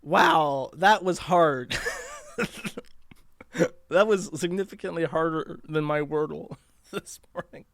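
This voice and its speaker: A man's voice: fairly high pitch, slow pace, creaky, pauses often, fairly bright tone, no echo. A man hosting a podcast, talking in a crude, sarcastic, rambling way as he comments on posts. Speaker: podcast host. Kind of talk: casual commentary.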